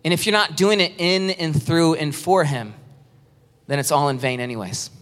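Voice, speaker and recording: A man preaching an animated sermon, acting out worried churchgoers in a high, strained voice. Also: moderate pace. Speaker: pastor. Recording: reverberant hall sound.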